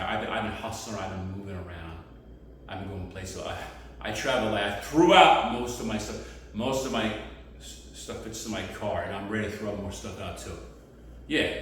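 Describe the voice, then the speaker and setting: Out on the street, a comedian rambles through a loose stand-up routine, breaking into sudden loud bursts. His voice is fairly low, heard from a distance in a very echoey space with faint noise behind it.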